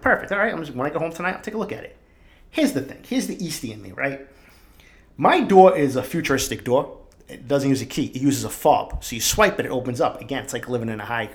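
Fast-talking profane Boston man ranting. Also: mid-range voice. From East Boston. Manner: profane, fired-up, swears constantly. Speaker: podcast host. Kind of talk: casual storytelling rant. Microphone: studio microphone.

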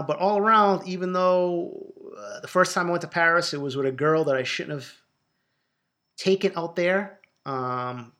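A man from Boston with a strong Boston accent hosts a podcast and answers listener questions. His voice sits at a middling pitch with a gravelly edge. He speaks fast, bluntly and with a lot of feeling, and swears freely. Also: pushed and bright. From Boston, USA. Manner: raw, emotional, profane, speaks quickly from the heart. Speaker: podcast host. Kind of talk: casual podcast Q&A monologue.

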